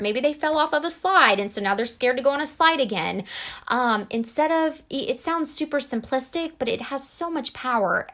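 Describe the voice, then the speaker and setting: A woman's voice: a little high, fairly bright tone. A woman talking casually to camera about emotional support, earnest and conversational, with acted-out examples.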